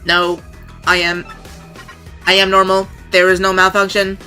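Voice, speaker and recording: A man voicing a gentle, polite computer AI that talks calmly and formally, reading game text aloud. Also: high voice, a little slow, soft background music, voice pushed up, heavily acted. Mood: pleading. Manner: calm, formal, soft-spoken.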